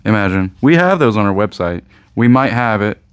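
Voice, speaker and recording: Midwestern guy hosting a card shop channel, low voice, dry close sound, rambling jokey rant. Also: expressive, moderate pace, clean tone, no echo. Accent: American Midwest. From Indiana, USA. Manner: rambling, joking, repeats himself. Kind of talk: casual rant to camera.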